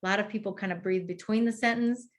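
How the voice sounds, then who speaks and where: In a steady tone and mid-range voice, the clinician walks therapists through the exercise one step at a time. She pauses as she models it aloud for them.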